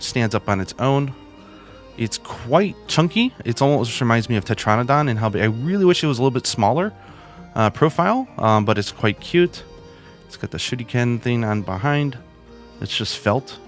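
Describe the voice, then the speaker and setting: A man hosting a video and reviewing plush toys in a chatty, casual way, with lots of asides. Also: mid-range voice. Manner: chatty, with many fillers and asides.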